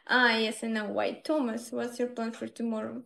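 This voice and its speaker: A woman's voice: fairly high pitch, flat delivery, measured pace, creaky, fairly bright tone. A young woman live streaming, chatting casually with viewers in simple broken English and laughing often.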